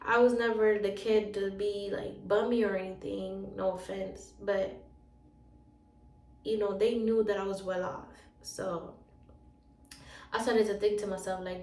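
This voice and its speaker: A woman's voice: mid-range voice, a little slow. A woman telling a personal story in a casual vlog, acting out the dialogue as she goes. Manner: animated retelling, acting out the dialogue. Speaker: storyteller and relationship coach. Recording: roomy sound, voice from a distance from the mic.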